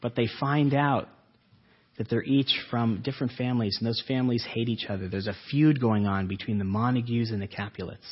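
Male pastor, husky voice, earnest sermon delivery with rhetorical questions, muffled low-fidelity sound. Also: fairly even intonation. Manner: earnest, asks rhetorical questions, slows for emphasis.

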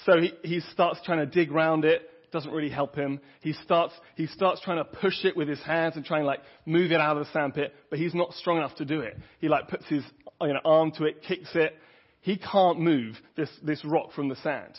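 Brief: male preacher, earnest and conversational, somewhat high, husky voice, dull lo-fi recording. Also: normal speed. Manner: earnest, conversational, with frequent restarts. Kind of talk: sermon. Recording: dull lo-fi audio.

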